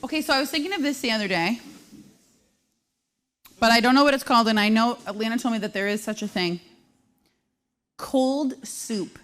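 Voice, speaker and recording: A woman in her thirties hosting a live show, telling brash, self-deprecating comic stories at a quick clip. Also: a little high, fairly bright tone. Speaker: host. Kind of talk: live comedic storytelling.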